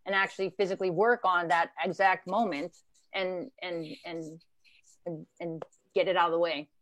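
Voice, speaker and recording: A woman's voice: fairly low pitch, fairly even intonation, normal speed, a bit bright, no echo. A woman guest in a conversational interview, speaking earnestly, restarting often and acting out her inner voice.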